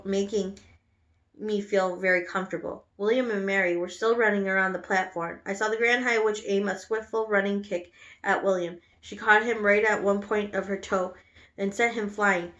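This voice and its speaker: Woman teacher, story read-aloud for class, bright voice, occasional stumbles. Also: medium pitch. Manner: unpolished reading with restarts on words. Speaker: teacher reading aloud to students. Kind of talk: reading a children's novel aloud.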